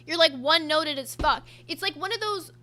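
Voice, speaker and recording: A woman's voice: sits high, fairly quick, pushed and bright. A woman co-hosting a show, talking bluntly and profanely in a heated argument. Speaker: podcast co-host. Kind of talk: heated commentary chat.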